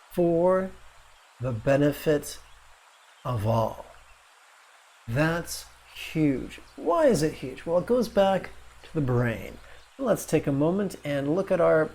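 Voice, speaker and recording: A man's voice: on the high side, vocal fry, a little mellow. A man teaching meditation in a video lesson, wry, with playful asides.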